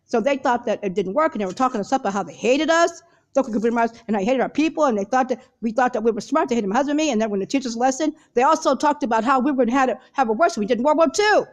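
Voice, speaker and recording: A woman speaking to viewers in a hurried, rambling monologue full of repeated fillers and restarts. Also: a little high, animated. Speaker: video blogger.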